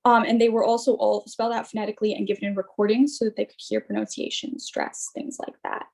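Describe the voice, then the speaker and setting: A woman's voice: medium pitch, flat delivery, fast talker, creaky, a little mellow. A young woman in her twenties giving a student research presentation, explaining carefully with many fillers and restarts. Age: young adult. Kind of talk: academic presentation.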